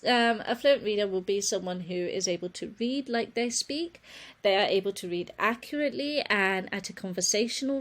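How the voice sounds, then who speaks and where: Earnest woman teaching a webinar. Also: medium pitch. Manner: earnest, self-correcting, apologizes for slips. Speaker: reading teacher giving a webinar. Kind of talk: webinar presentation.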